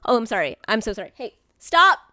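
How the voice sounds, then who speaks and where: A woman streaming live, talking casually to her chat in a rambling way, with many fillers and restarts and bubbly bursts of excitement. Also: a little high, a little fast, no echo, studio quality.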